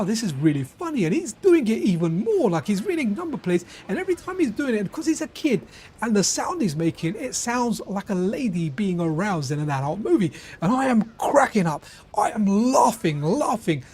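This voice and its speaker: A man's voice: high voice, darkish tone. A middle-aged man giving casual gameplay commentary as a retro gaming YouTuber, chatty and laughing often as he tells stories.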